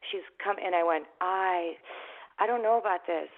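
A middle-aged woman from Canada, a guest actress and author, telling lively anecdotes and acting out the voices in them. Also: on the low side, normal speed. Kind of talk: animated storytelling in an interview. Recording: phone-like narrow sound.

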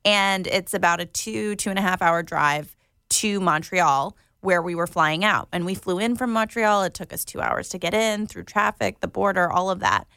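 A woman's voice: medium pitch, moderate pace, clear, resonant tone, no echo. Giggly tired woman co-host, dry sound. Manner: giggly, animated storytelling. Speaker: podcast co-host. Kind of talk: casual chat.

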